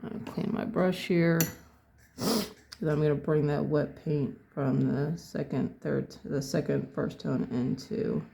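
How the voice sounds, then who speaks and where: A relaxed, gravelly voice walks through a digital painting session one brush stroke at a time. The speaker is calm and unhurried, narrates each move as they make it, and often corrects a word mid-phrase. The tone is dark and mellow, close to the mic. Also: medium pitch, slight background noise. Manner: calm, thinks aloud, corrects own words mid-phrase. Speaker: painting instructor. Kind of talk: casual step-by-step painting tutorial.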